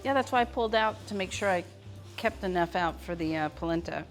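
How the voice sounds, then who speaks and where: This woman's fairly low voice moves briskly over soft background music. She's hosting a live cooking demonstration at home in her kitchen, talking with her viewers as she cooks.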